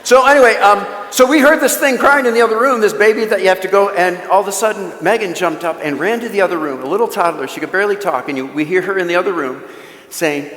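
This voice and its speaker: Male mission speaker with a high voice, chatty storyteller with jokey asides, recorded in a roomy, echoing church. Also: fast talker, hardly any pauses, fairly bright tone. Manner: storytelling with joking asides to the audience. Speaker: guest speaker at a parish mission. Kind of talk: conversational talk at a church mission. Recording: echoey church with long reverb.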